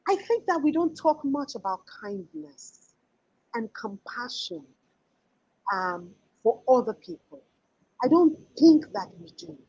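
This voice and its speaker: A woman's voice: on the high side, sing-song, slow pace, a little mellow, slightly rough, dull audio. A woman in her forties giving an earnest, emphatic motivational talk as a life coach, often restarting her sentences.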